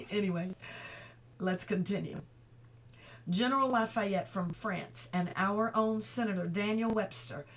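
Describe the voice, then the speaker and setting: A middle-aged woman reading a novel aloud at home, steady and clear, now and then stopping for chatty asides. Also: medium pitch. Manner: reads steadily, breaks off for chatty asides and laughter. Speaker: audiobook reader.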